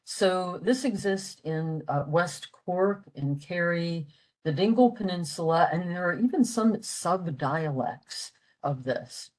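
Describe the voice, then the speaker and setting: Older woman presenting a library lecture; slow, deep, halting delivery full of "uh"s. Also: animated, darkish tone, poor audio. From western Pennsylvania, USA. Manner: halting, with frequent "uh" fillers. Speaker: presenter of a library language talk. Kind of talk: explaining a lecture.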